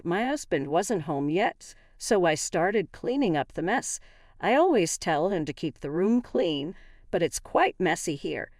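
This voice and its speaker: A woman narrating a first-person story in a steady, even reading voice. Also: on the low side, dry recording, studio quality.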